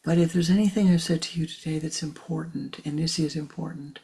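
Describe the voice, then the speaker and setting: A woman spiritual teacher giving a slow guided teaching in a soft, measured voice that often drops to a hushed whisper. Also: low-pitched, fairly even intonation, slightly rough.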